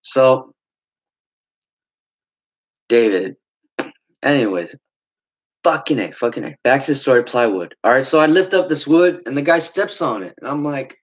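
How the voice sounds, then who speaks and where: A young man telling a long story in a casual, rambling way, swearing often and filling pauses with "like" and "uh". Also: mid-range voice, lively intonation, highs cut off. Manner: rambling, swearing, frequent fillers.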